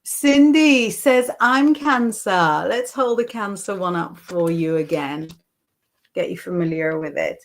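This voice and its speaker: A woman hosting a live tarot stream, talking through the cards at an unhurried pace with frequent ums and reading viewers' comments aloud. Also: on the low side. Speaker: psychic and tarot host.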